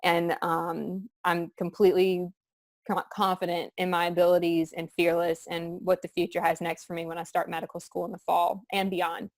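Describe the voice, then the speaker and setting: A woman's voice: fairly low pitch, level tone, moderate pace, no echo. Earnest young woman. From southern Louisiana. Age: young adult. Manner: earnest, heartfelt, rambling. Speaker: student giving a testimonial. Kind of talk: candid testimonial chat.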